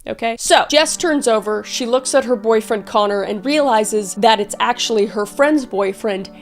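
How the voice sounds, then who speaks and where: A woman's voice: on the high side, normal speed. A woman telling a true-crime story in a chatty, profane way, with frequent asides to the viewer.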